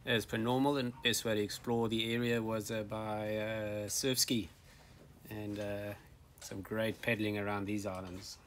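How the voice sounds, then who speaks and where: A man narrating a casual sailing travel vlog, relaxed and hesitant with frequent ums and uhs, recorded outdoors on a handheld camera. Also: fairly low pitch, measured pace. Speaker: sailing vlogger. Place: outdoors on an island. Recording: windy outdoor noise.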